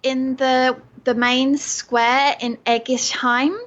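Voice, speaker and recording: A woman's voice: sits high, level tone, takes it slowly, a bit bright. Upbeat English woman, slightly muffled line. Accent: English with Australian touches. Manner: enthusiastic, laughs often. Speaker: guest, vegan tour operator. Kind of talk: casual interview chat.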